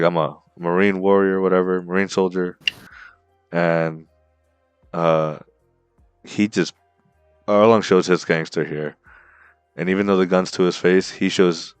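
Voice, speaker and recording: A man co-hosting a podcast, recapping a story in an excited, slangy way and calling his co-host bro and dude. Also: deep voice, clean tone, dry recording. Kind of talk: casual chat.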